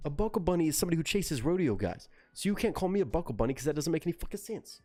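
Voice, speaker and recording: A man from Texas with a Texan accent, ranting and reading chat on a casual live stream, profane and animated, slipping into voices to mimic people. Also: on the high side, racing, soft background music.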